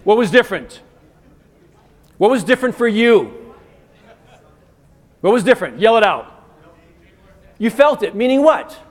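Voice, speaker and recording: A man giving an interactive keynote as a communication coach, energetic and firing quick commands at the audience. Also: sits high. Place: conference stage in a large hotel venue.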